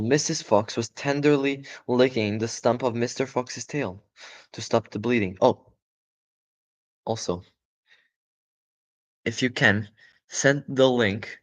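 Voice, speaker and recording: A man reading a children's book aloud live, in a voice of ordinary pitch. He breaks off now and then for casual, chatty asides and corrects his own slips as he goes. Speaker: storyteller.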